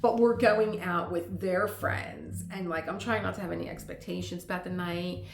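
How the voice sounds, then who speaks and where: A woman's voice: lowish voice, moderate pace, creaky, roomy sound, faint music behind. A middle-aged woman vlogger talking casually at home, rambling into tangents and laughing often. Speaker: lifestyle vlogger. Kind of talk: casual chat.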